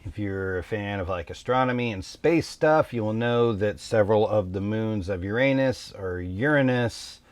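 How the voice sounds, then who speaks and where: A man hosting a board game channel, explaining casually with relaxed fillers. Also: on the low side, normal speed, few pauses, no echo.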